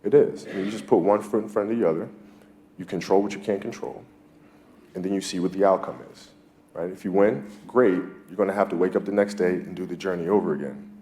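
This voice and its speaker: A man's voice: low-pitched, steady tone, fast, dark tone, slight background noise. A man answering an interview question in a blunt, matter-of-fact way.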